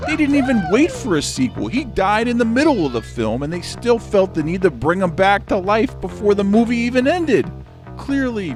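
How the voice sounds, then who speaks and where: Man, comedic movie-rant host, sarcastic grumbling, lively pitch, slightly high voice. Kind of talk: comedic ranting review.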